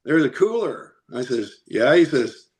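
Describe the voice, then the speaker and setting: A man guest on a podcast, telling a road story in a chatty, animated way and laughing often. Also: medium pitch, measured pace. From United States. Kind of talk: casual storytelling.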